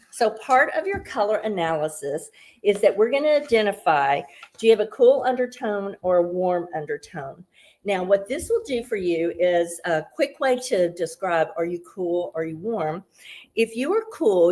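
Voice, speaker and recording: Chatty woman explaining beauty basics. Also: mid-range voice. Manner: upbeat, chatty, explains step by step. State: a little out of breath. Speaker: beauty consultant. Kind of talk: casual tutorial talk.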